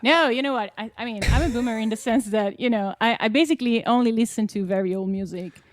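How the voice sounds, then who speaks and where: A woman's voice: a little high, quick pace, no room sound. A woman in her twenties with an Italian accent, a singer-songwriter chatting as a guest in an interview. She is easygoing, laughs often and talks with many fillers. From Italy. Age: 20s. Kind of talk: casual interview chat.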